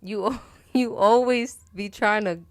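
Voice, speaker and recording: A woman's voice: mid-range voice, no echo, studio quality. A woman co-hosting a casual podcast chat, talking frankly and at length. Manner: frank, talkative, fast trailing asides. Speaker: podcast co-host.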